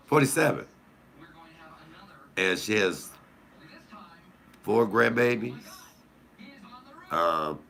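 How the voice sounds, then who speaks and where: Sex: man. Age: 50s. Style: casual comic storytelling, gravelly and bright, animated, with high loud outbursts. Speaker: comedian storyteller.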